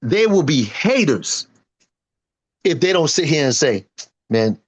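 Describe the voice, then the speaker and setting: A man's voice: a little high, sing-song, slow, slightly rough, rough recording. A man in his fifties, a singer and producer giving an interview, talking emphatically and boastfully and acting out what friends told him. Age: 50s. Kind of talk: animated casual interview talk.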